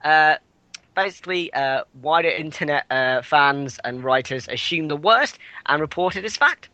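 A man's voice: a little high, lively intonation, moderate pace, sharp tone, no room sound, poor audio. A man co-hosting a casual podcast, reading out news items with stumbles, fillers and asides.

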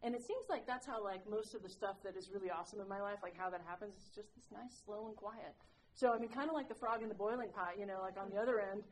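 A woman's voice: medium pitch, fast talker, slight background noise, low-quality recording. A woman sharing her recovery story with a group, candid and self-mocking, rambling with lots of "like"s. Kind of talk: personal recovery share to a group.

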